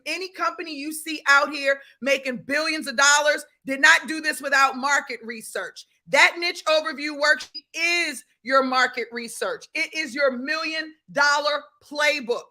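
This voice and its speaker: Casting note: high-voiced, bright and forceful woman, an energetic coach hosting a live class, greeting viewers by name. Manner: hypes up the audience, greets viewers by name, repeats key points.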